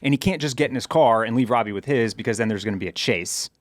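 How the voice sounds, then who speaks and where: A man's voice: mid-range voice, fast, dry recording. Analytical man podcast co-host, dry sound. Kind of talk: casual chat.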